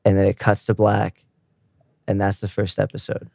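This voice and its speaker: A man's voice: fairly low pitch, completely flat delivery, normal speed, vocal fry, warm tone, no echo, clean studio sound. A man casually recapping the plot of a show's first episode, slipping now and then into the characters' quoted lines as he tells it.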